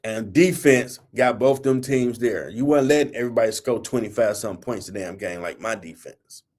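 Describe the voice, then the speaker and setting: A man's voice: fairly low pitch, normal speed, darkish tone. A man hosting a sports talk show, ranting in a blunt, heated, colloquial way and scolding teams and players. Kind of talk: opinionated sports rant.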